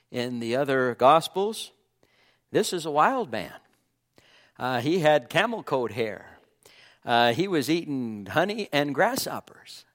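A man preaching a sermon in an earnest way, his voice dropping low and soft on key phrases.

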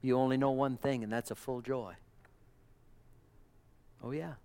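A man preaching a sermon with passion, calling out amens and praise to the congregation, dropping to a hush and then rising to loud exclamations. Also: medium pitch, steady tone, a little slow, clean tone. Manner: impassioned, swings from hushed murmurs to loud exclamations; calls out amen and praise God to the congregation.

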